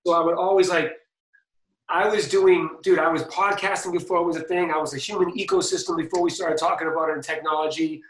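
A man from Boston, a DJ and guest, telling stories in a fast, slangy way full of fillers. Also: a little high, steady tone, a bit bright, reverberant, far from the mic, rough recording. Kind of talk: casual storytelling interview.

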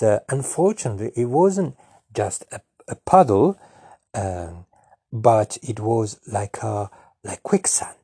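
Halting, rambling man with a husky voice. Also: fairly low pitch, mellow, no echo, studio quality. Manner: hesitant, full of fillers and restarts. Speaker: storyteller. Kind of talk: rambling absurd comic monologue.

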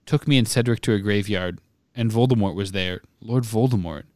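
A man reading aloud and voicing a shaken, injured teenage boy who mutters quietly. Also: on the low side, fairly quick, dry recording, clean studio sound, close to an everyday voice. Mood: dazed. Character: shaken teenage boy hero, hurt and dazed.

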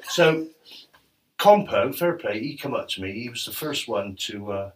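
A man's voice: mid-range voice, normal speed. Laughing man telling stories. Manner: laughs often, animated anecdotes, quotes others. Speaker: former footballer telling stories. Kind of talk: casual storytelling chat. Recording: distant mic with faint noise.

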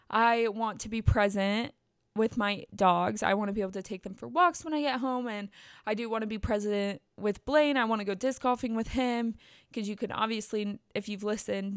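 A young woman chats alone into her podcast mic from home, open and rambling, laughing at herself as she restarts sentences. Her voice comes through smooth and clear. The room sound is dry and close, with almost no echo. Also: medium pitch. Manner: candid, rambling, self-deprecating with frequent restarts. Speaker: podcast host. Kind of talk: casual solo podcast chat. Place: indoors at home at her computer.

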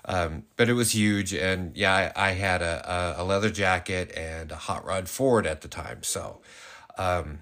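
A man's voice: deep voice, a little slow, a bit bright. A middle-aged man co-hosting a podcast, telling stories in casual chat with lots of fillers and laughter. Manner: laughing, full of fillers and restarts. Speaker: podcast co-host.

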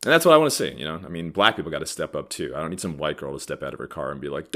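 A man in his thirties hosting a solo podcast, talking bluntly and profanely in a heated, animated rant. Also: rumbling low, fast talker. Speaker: podcast host. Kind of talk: solo ranting podcast talk.

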